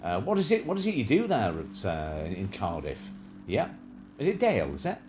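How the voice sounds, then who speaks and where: A man's voice: lowish voice, wildly swooping pitch, fairly quick, music in the background. A man hosting a casual livestream chat show, rambling and joking with plenty of fillers and restarts.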